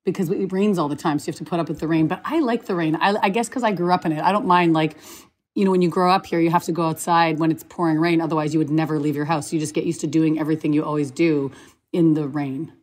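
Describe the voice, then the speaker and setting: A middle-aged woman chatting casually on a podcast, talkative and quick to laugh. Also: sits low, fairly even intonation, a little mellow. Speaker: podcast guest.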